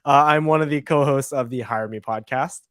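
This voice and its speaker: A man's voice: medium pitch, brisk, fairly bright tone, no room sound, studio quality. A man co-hosting a live-stream podcast, chatting loosely and laughing often. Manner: loose, laughing, rambling with restarts. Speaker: podcast co-host. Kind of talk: casual live-stream chat.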